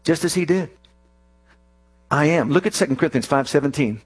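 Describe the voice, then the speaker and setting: A male preacher in full sermon, hammering home points through repetition and emphatic declarations. His voice sits slightly high for a man. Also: fast, darkish tone, breathy edge, soft background music.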